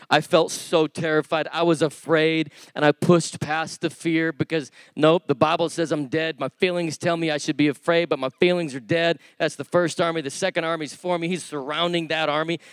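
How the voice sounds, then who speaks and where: High-voiced impassioned preacher. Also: male voice, fairly bright tone, smooth, dry recording. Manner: impassioned, storytelling with quoted dialogue. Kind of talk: sermon.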